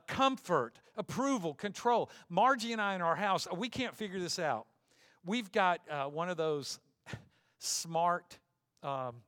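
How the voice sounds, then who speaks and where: A man's voice: on the high side, fairly bright tone, no room sound, clean studio sound. A middle-aged man preaching a sermon as pastor, earnest and conversational with homely asides.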